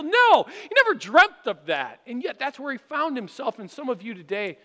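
A male pastor preaching a sermon in a church, telling stories with animation and rising to shouts for emphasis. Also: very high voice, sing-song, moderate pace, hardly any pauses. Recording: long hall reverb.

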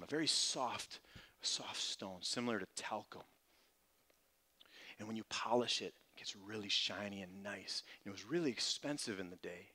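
A man preaching a sermon, retelling a scripture scene with animated storytelling, swinging between loud climaxes and quiet murmurs, often checking in with "all right?". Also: medium pitch. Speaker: pastor.

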